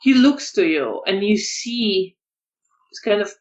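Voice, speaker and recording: A woman narrating a tabletop vampire game as storyteller, soft-spoken and hesitant with fillers. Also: medium pitch, expressive, slow, highs cut off.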